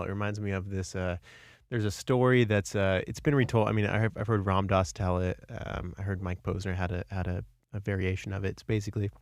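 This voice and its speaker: A man's voice: lowish voice, no echo, clean studio sound. A man hosting a podcast in casual conversation, a rambling storyteller who restarts often. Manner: acts out story voices loudly. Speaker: podcast host.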